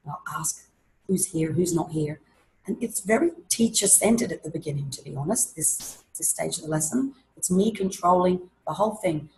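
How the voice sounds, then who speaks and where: A woman presenting an online teaching webinar, explaining classroom activities in a lively way and acting out examples. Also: lowish voice, moderate pace, low-quality recording. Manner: lively, demonstrates classroom voices and chants.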